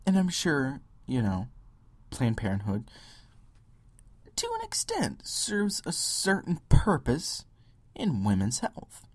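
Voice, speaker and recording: A man's voice: mid-range voice, wildly swooping pitch, takes it slowly, no room sound. A young man hosting a solo podcast, ranting and mocking other views with impressions and sudden whispers. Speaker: podcast host. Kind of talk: solo political rant.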